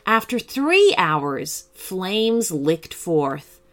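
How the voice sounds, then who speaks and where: A woman narrating a children's story in an expressive, animated way, with soft music behind. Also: on the low side, extremely slow.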